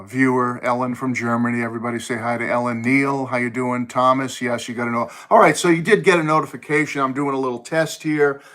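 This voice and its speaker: A man's voice: mid-range voice, fairly bright tone. A middle-aged man hosting a casual live stream from his home music room on a phone, chatting with viewers, greeting them by name and thinking aloud.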